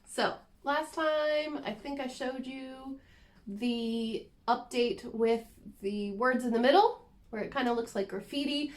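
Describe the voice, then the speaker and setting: A woman's voice: sits high, slow pace. A woman chatting casually and self-deprecatingly as she shows her cross-stitch projects to the camera. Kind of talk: casual show-and-tell chat.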